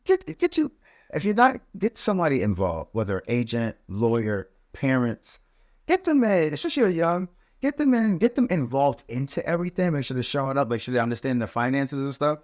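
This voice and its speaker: A man's voice: mid-range voice, big pitch swings, brisk, darkish tone, no room sound, studio quality. A man speaking as a podcast guest, telling a personal story in a loose, conversational way with frequent "you know" asides.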